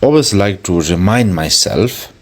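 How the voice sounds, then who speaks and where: A man with a very low, deep voice gives a Buddhist dharma talk. He speaks earnestly, pausing to hunt for the right word and circling back on his phrases. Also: lively intonation. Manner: earnest and searching for words, with pauses. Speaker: Buddhist teacher.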